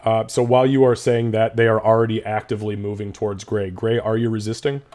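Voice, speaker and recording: A man's voice: lowish voice, flat delivery, quick pace, darkish tone. A young man narrating as game master, describing scenes casually with plenty of swearing.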